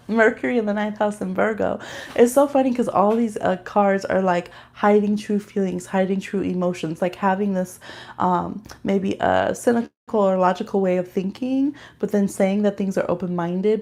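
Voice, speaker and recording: A woman's voice: medium pitch, darkish tone. A woman giving a casual live-stream tarot and astrology reading, chatting straight to her viewers and laughing often as she pulls cards.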